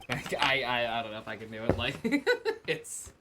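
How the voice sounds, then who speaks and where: A woman's voice: rumbling low, wildly swooping pitch, unhurried, long pauses, background noise. Giggly swearing woman streamer. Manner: giggly, swearing, self-mocking about her voices. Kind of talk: casual let's-play commentary.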